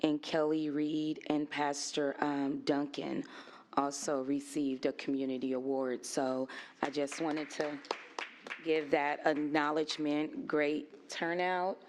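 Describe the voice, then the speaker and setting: A woman's voice: deep voice, flat delivery, slow pace, a little hiss or hum. A woman at a school board meeting giving upbeat, encouraging announcements and thanks in a meeting room.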